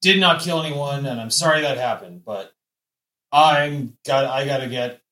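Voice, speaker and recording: Guy playing his rpg character, jokey, says like a lot, middle pitch. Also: normal speed, pushed and bright, distant mic. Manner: joking, keeps starting with "like". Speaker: player. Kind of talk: tabletop role-play.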